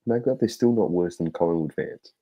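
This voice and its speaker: Deep husky Australian man, casual banter. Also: brisk, warm tone, rough recording. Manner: loose, sweary, laughing storyteller. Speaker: podcast co-host. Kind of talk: casual sports podcast chat.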